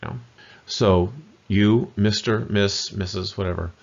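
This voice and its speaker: Slow, patient man teaching a lesson. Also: fairly low pitch, steady tone, creaky. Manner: patient, repeats syllables slowly. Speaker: language teacher. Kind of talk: explaining pronunciation in a video lesson. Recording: muffled lo-fi audio.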